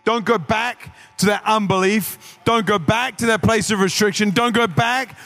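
A man preaching a sermon with a strikingly high voice that stays bright and forceful. He builds to shouted peaks and drops into quick acted asides. Faint music plays softly behind him. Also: steady tone, creaky. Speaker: pastor.

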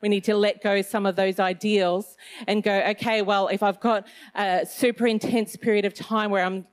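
A middle-aged woman speaks at a casual Christian gathering, with the easy, rambling flow of someone chatting with friends. Her voice sits at a mid pitch, and she drifts through fillers and half-finished phrases. She pokes gentle fun at herself along the way. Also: level tone, normal speed. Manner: warm and chatty, with self-mocking humour; loose phrasing with many fillers. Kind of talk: casual faith talk.

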